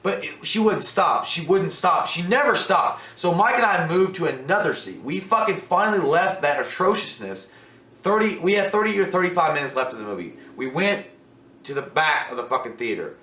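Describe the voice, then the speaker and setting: A high-voiced man in his thirties, excitable and crude, co-hosting a casual film review. His bright, sharp tone rings out in an echoey room. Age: 30s. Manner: excitable, crude, fast bursts. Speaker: movie reviewer, co-host.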